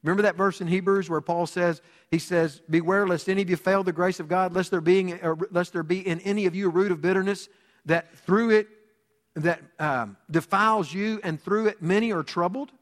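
A man preaching a sermon as pastor, dramatic, swinging between loud declarations and hushed asides. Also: sits high, steady tone, brisk, in a large hall.

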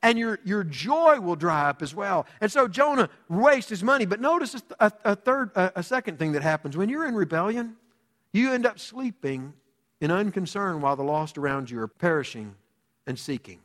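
Male pastor, higher voice, dramatic sermon delivery, reverberant hall. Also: big pitch swings, normal speed. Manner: dramatic preaching, swinging from loud to hushed.

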